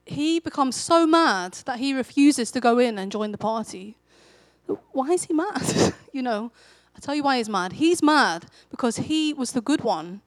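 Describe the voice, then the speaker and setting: Woman giving a sermon, chatty storytelling, higher voice, dry close sound. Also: normal speed, no echo. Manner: conversational storytelling, animated when quoting. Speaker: preacher.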